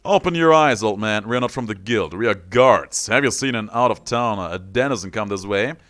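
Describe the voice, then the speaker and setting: A man's voice: on the low side, animated, a little fast, no room sound. A man voicing a pushy city guard who barks orders, reading game dialogue aloud. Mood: impatient. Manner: loud, barking orders.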